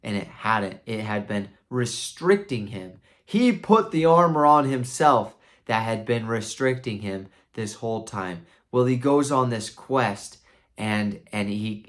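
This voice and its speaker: Enthusiastic low-voiced man reviewing a book. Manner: enthusiastic, rambling with restarts. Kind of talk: casual book review retelling.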